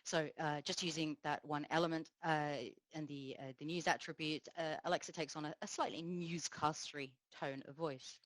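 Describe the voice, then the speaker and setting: Low-voiced woman giving a tech talk. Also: steady tone, no room sound, rough recording. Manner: explanatory, measured, frequent fillers. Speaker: conference speaker. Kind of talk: technical conference talk.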